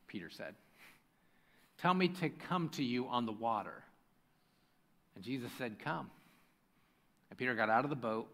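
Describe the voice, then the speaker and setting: A man's voice: medium pitch, a bit bright. A man preaching a sermon as pastor: he reads scripture aloud, then speaks directly to his congregation. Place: church sanctuary with a congregation.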